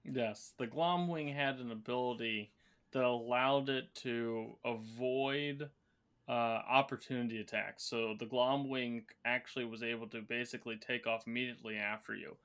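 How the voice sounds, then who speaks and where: A man recapping a tabletop campaign as its game master, a measured storyteller with a teasing edge. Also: mid-range voice, fairly even intonation, a bit bright, clear, resonant tone.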